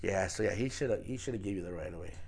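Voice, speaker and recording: A man of Mexican heritage hosting a podcast, talking in a profane, animated, advice-giving way in casual chat. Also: low-pitched, racing, creaky, slight background noise.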